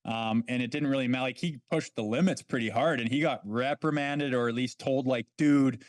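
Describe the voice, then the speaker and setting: A man's voice: mid-range voice, a little fast, no echo. A middle-aged man, a former hockey player, telling blunt stories in a casual podcast chat. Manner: blunt, swears freely, quotes people in his stories.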